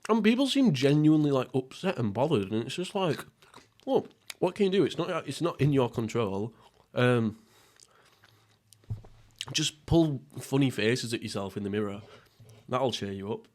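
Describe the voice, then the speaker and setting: Young guy, solo mukbang podcast host, loose, sweary, giggly rambler, mid-pitched voice. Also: big pitch swings, moderate pace, long pauses, darkish tone. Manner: rambling, sweary, laughs at himself. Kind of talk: casual mukbang podcast chat. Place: at home, seated.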